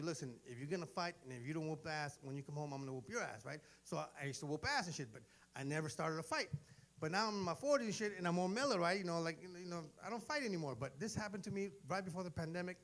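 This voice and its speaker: A man's voice: a little high, fairly bright tone. A man, telling stories in a brash, profane stand-up comedy set. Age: 40s. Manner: brash, profane storytelling with acted-out dialogue.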